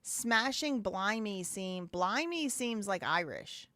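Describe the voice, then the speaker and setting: A woman's voice: medium pitch, expressive, takes it slowly, sharp tone, no echo. Chatty woman hosting a live show. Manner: chatty, laughs and repeats phrases. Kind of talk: casual live-stream commentary.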